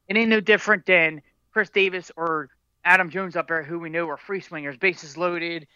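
Heated, bright-voiced man ranting about sports. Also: on the high side, steady tone, normal speed, clear, resonant tone, no echo, dull audio. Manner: heated ranting with stammered restarts. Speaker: sports podcast co-host. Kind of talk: casual sports talk.

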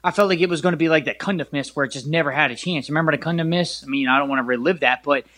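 Excitable man retelling a game. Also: on the high side, racing. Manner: excitable storyteller, many restarts and "like"s. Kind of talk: casual sports talk.

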